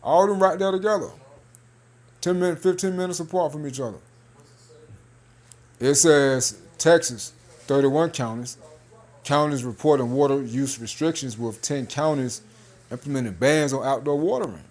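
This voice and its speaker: A man's voice: fairly high pitch, brisk, darkish tone. A man in casual commentary, reading news aloud and talking loosely, half-joking, with laughs and lots of 'man' and 'hey'. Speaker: religious video commentator.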